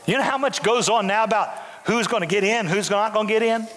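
A pastor in his sixties preaches a sermon in a church sanctuary, speaking fast in a high, bright voice with big pitch swings. His animated delivery comes in bursts with repeated restarts as he builds, and a long hall reverb trails each phrase.

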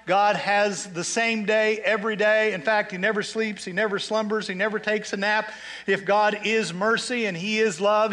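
A male pastor preaching a sermon, reading scripture slowly, leading call-and-response and dropping in joking conversational asides. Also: high voice, bright, forceful tone.

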